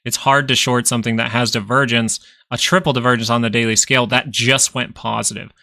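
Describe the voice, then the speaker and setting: A stock market livestream host chats casually while walking through charts, thinking aloud and repeating phrases for emphasis. His medium-pitched voice is gravelly, pushed, and bright, level in tone and a little fast. The recording is dry.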